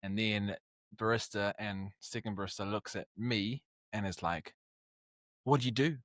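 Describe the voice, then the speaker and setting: A man's voice: fairly low pitch, unhurried, dry recording, clean studio sound. A young man with a New Zealand accent, chatting casually on a podcast and acting out the people in his stories. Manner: animated, acts out dialogue in stories. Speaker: podcast guest. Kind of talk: casual storytelling chat.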